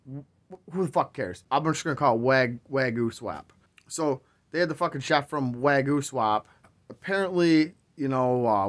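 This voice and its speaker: A man hosting a crypto video, talking in a profane, exasperated, rambling rant with sarcastic asides. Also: medium pitch. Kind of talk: ranting casual commentary.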